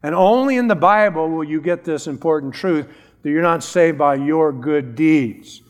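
A man's voice: fairly high pitch, moderate pace, long reverb tail. A middle-aged man preaching a sermon as a pastor, emphatic and repeating key phrases.

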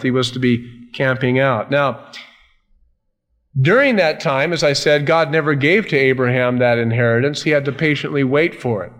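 A man's voice: mid-range voice, fairly bright tone. Emphatic male preacher. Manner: emphatic, slows down to stress key words. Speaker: pastor. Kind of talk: sermon.

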